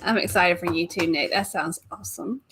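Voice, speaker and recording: A woman with a Southern US accent, co-hosting a casual live travel stream, chatty and quick to laugh as she greets viewers by name. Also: lowish voice, a bit bright, a little hiss or hum. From American South. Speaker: travel show co-host.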